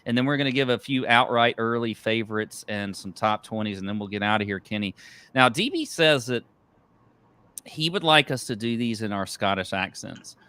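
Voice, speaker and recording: A man's voice: on the low side, lively intonation, moderate pace, bright, forceful tone, clean tone, no room sound. A man co-hosting a golf betting podcast, talking in a loose, rambling, chatty way. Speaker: podcast co-host. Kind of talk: casual golf betting chat.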